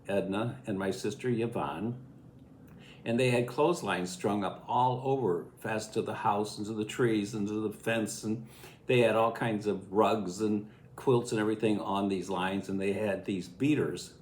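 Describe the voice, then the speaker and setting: A man in his eighties, from Illinois, spins a memory from his farm childhood with a folksy, chuckling delivery. His voice sits low. The recording sounds like an echoey room. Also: a little hiss or hum. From Illinois, USA. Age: 80s. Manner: folksy, chuckling, lively storytelling. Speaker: storyteller recalling childhood. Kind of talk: casual spoken memoir.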